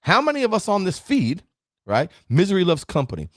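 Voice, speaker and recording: A man's voice: sits high, huge pitch swings, a little fast, no room sound, studio quality. A man giving a live-streamed motivational talk, emphatic and preachy, often asking "right?" and greeting viewers by name. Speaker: motivational speaker.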